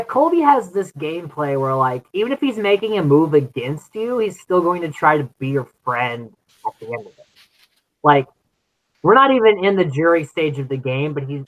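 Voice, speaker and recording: A man hosting a casual podcast chat, retelling scenes with lively acted-out quotes. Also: dull audio. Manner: animated, acts out quotes with big pitch jumps. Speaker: podcast host. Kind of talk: casual chat recapping episodes.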